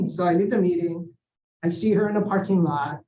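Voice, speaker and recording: A middle-aged man from Hawaii giving a seminar talk, telling a personal story, acting out the dialogue, clearing his throat and adding "right?" as he goes. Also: high-pitched, normal speed. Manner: animated, acts out quoted dialogue, often clears throat and adds "right?". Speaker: seminar speaker. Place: lecture room. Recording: echoey room, voice far from the mic.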